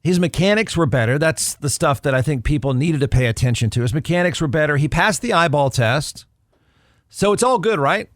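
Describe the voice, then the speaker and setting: A man's voice: fairly high pitch, expressive, brisk, no room sound, studio quality. Snarky man doing sports talk. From Texas. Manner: snarky, conversational, repeats himself for emphasis. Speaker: podcast host. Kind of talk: solo sports commentary.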